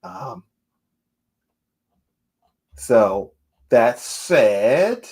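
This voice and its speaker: A man hosts a livestream and chats casually with his viewers. He talks slowly, laughs often and reads the chat aloud in a playful way. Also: medium pitch, very animated, darkish tone, slightly rough. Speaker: livestream host.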